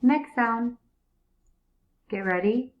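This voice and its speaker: Woman, early reading teacher, slow and clear repetitive prompting, dull lo-fi sound. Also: a little high. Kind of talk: early reading lesson for young students.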